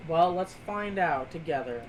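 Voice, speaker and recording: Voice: medium pitch, lively intonation, unhurried, slight background noise, rough recording. A streamer co-hosting a live show, chatting casually with blunt, sarcastic remarks and offhand swearing. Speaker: streamer co-host.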